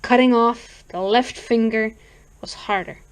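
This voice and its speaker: A woman reading a horror book aloud in a deliberate manner. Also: a little high, fairly even intonation, smooth, low-quality recording. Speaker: reader. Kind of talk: audiobook narration.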